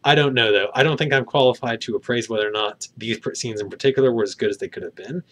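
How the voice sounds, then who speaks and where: Male vlogger reviewing a film, mid-pitched, hesitant and rambling, lots of fillers. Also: quick pace, fairly bright tone. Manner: rambling, hedging, many fillers. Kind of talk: casual spoken review.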